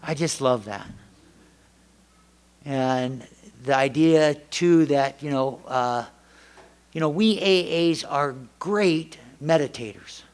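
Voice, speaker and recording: A man's voice: fairly high pitch, slow pace, long pauses, smooth. A middle-aged American man speaking at a recovery meeting, telling family stories in a rambling, self-interrupting way and acting out the voices of his wife and son. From United States. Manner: rambling, self-interrupting storyteller who acts out family dialogue. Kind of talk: personal testimony talk. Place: meeting hall before an audience.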